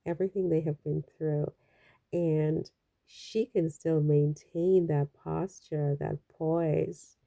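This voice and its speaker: A woman's voice: low voice, gravelly, warm tone. A woman from the Caribbean giving casual, chatty and rambling commentary on a vlog, with frequent exclamations. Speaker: royal news vlogger.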